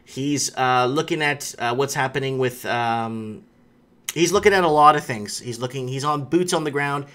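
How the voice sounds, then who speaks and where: A man's voice: medium pitch, moderate pace, fairly bright tone. A man hosting a live stream, talking casually and rambling, with frequent restarts and fillers.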